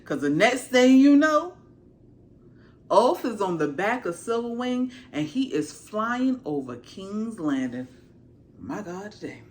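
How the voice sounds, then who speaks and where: A woman's voice: medium pitch, slow. A woman reviewer giving a casual, slangy episode recap, acting out the characters as she goes. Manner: animated, slangy storytelling with acted-out asides. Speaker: TV show reviewer.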